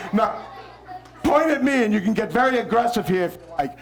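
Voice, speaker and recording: With a high-pitched, gravelly, expressive voice and a slightly slow pace, a visiting poet from New Orleans theatrically leads children and adults through his poems in a school hall. The live audience faintly repeats lines on his cue, with some chatter behind.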